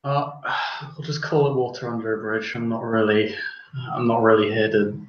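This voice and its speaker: A man playing a tabletop roleplaying game, speaking in a calm, mild and polite manner. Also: on the low side, normal speed, reverberant, lo-fi sound. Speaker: player.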